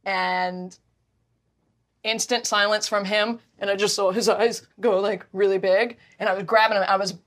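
A woman telling a personal story in casual conversation, emotional and animated, often stumbling and restarting her sentences. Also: medium pitch, normal speed.

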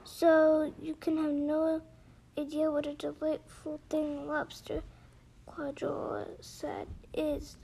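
A woman's voice: very high voice, level tone, a little slow, slight background noise. Mock Turtle, a weepy sea creature, read by a woman. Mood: sorrowful. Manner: mournful, sighing, sometimes hushed. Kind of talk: storybook read-aloud.

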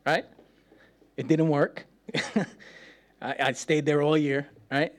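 Animated preacher, slightly high male voice. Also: slow pace, pauses often. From United States. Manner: playful, laughs often, acts out voices. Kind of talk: sermon with personal stories.

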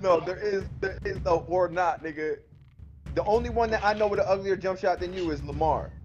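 A man's voice: high-pitched, a little fast, noisy background. A young man, brash and teasing, trading casual trash talk on a podcast. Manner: brash, teasing, talks over others. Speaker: podcast co-host. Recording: dull lo-fi sound with faint music.

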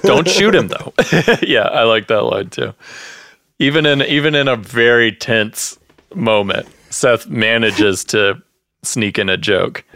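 A man chatting casually about a TV episode, often slipping into quick acted-out quotes. His voice sits at a middle pitch. The recording is dry and close, with no room sound. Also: gravelly, dry recording. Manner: animated, acts out quotes, laughs often. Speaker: podcast co-host recapping a TV episode. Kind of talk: casual chat.

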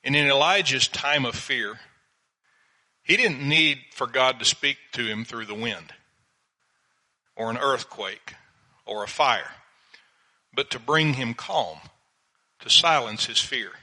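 Slow, bright-voiced older man preaching. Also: mid-range voice, poor audio. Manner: slow, measured Bible reading and teaching. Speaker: pastor. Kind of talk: sermon.

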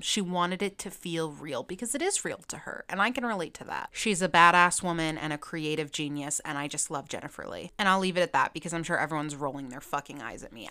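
A young woman hosting a casual vlog, ranting in an animated, profane, emphatic way. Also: low-pitched. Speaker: video host.

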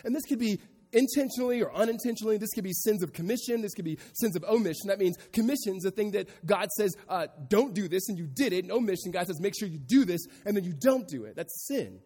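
A pastor preaching a sermon to a congregation, moving from quiet reflection to raised, emphatic delivery. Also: male voice, sits high, animated, fast, breathy edge, in a large hall. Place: church sanctuary before a congregation.

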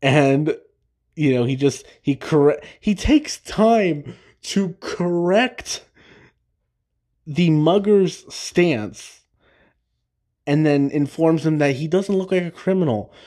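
Slow, rambling young male podcast host. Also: a little high, darkish tone. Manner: rambling, many fillers and restarts, laughs at his own jokes. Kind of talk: casual episode recap.

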